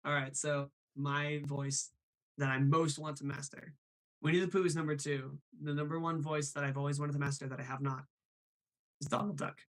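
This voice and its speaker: A man hosting a live stream in a casual, chatty way, apologetic and quick to laugh. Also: fairly high pitch, level tone.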